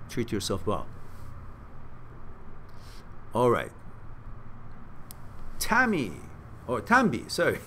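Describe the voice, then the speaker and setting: A man's voice: a little high, a little hiss or hum. A man hosting a live-stream Q&A, reading viewer questions aloud and answering them with blunt, swearing advice. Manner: blunt, swearing, animated pep talk; reads out viewer messages, then answers them. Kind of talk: casual advice chat.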